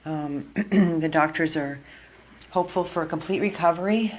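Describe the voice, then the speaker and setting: A woman's voice: deep voice, moderate pace. A woman from an animal rescue, filming indoors on a handheld phone and talking earnestly and emotionally straight to her viewers. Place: indoor room.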